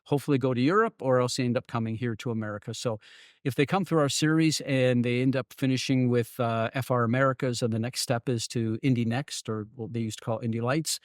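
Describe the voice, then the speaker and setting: A middle-aged man, a former racing driver, chatting casually as a guest and telling lively anecdotes. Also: medium pitch, fast, dry recording, studio quality. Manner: animated storyteller, acts out the people in his stories, laughs often. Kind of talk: casual storytelling chat.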